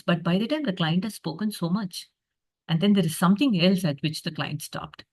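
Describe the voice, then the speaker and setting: Woman, lower pitch, masterclass presenter, reflective, filler-heavy, video call. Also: moderate pace. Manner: reflective, frequent fillers, acts out inner thoughts. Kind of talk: online masterclass talk.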